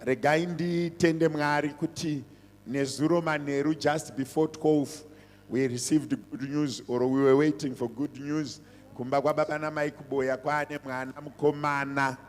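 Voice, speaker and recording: Emphatic pastor. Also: male voice, fairly high pitch, steady tone, normal speed. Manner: emphatic, repeats phrases, switches between languages. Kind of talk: sermon and church announcements. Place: church hall. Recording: reverberant church hall.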